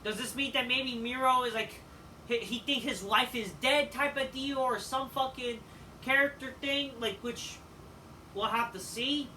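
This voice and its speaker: A man giving a casual, rambling review of a wrestling show, swearing often and filling pauses with "like" and "you know.". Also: very high voice, sharp tone. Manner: profane, rambling, with frequent fillers. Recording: distant mic with faint background noise.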